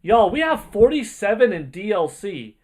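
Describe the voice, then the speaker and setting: A man hosting a casual livestream, reading out donations in an excitable, rambling way and often exclaiming. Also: high voice, moderate pace. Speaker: livestream host.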